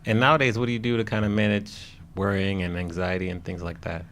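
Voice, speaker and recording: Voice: sits low, level tone, fast talker, a bit bright, slight background noise. A podcast host asking interview questions in an upbeat, loose way and laughing along with the guest. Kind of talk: casual interview.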